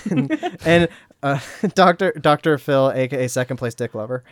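Recorded cleanly in a studio with no room sound, a man co-hosts a laid-back book podcast. His medium-pitched voice is animated and moves at a normal speed as he rambles, full of fillers and restarts, in casual conversation.

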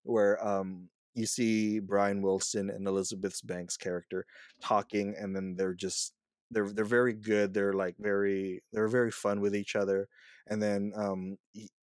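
A man's voice: fairly low pitch, little pitch movement, unhurried, dry recording, clean studio sound. A man co-hosting a casual podcast, retelling movie scenes in a rambling, swearing way. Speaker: podcast co-host.

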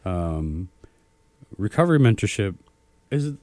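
A man with a low, mellow voice co-hosts a relaxed radio talk. He tells stories in an animated, joking way, and the studio sound is dry and close. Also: unhurried, no echo. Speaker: radio co-host. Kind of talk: casual radio chat.

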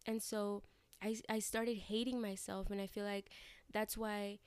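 Young female vlogger, candid confessional ramble, crisp voice, dry close sound. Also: mid-range voice, little pitch movement, measured pace, darkish tone, no echo. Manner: rambling, frank, frequent fillers and restarts; swears casually. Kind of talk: candid personal vlog talk.

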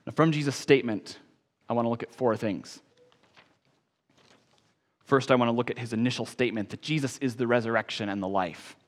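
A man preaching a sermon as pastor, emphatic, rising on key phrases and then dropping soft. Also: mid-range voice, fairly quick, pauses often, big-room sound.

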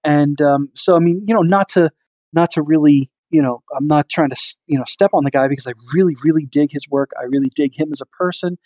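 A man's voice: a little high, a little fast, darkish tone, no room sound. A man co-hosting a casual podcast, rambling with many fillers and restarts. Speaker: podcast co-host.

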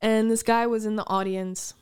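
A woman's voice: medium pitch, little pitch movement, normal speed, a little mellow, smooth. A middle-aged woman musician chatting casually and telling a long story, with many restarts and gasps. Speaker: podcast guest, musician. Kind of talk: casual chat.

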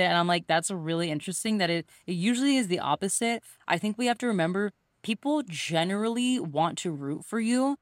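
A young woman, host of a podcast and a coach, talks fast with hardly any pauses in a medium-pitched voice. Her casual chat is full of animated storytelling in which she acts out quoted voices, and the studio-quality recording is dry.

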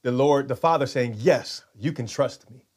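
A man's voice: medium pitch, moderate pace, darkish tone. A man preaching a sermon in a conversational way, often repeating words and having the congregation say lines back. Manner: conversational, repeats words, leads call-and-response.

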